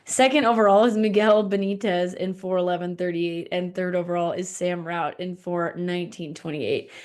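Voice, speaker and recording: A woman co-hosting a podcast, going over race results in an unhurried, easygoing casual chat. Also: fairly low pitch, steady tone, a little mellow. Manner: unhurried, easygoing, reacts with short laughs. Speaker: podcast co-host.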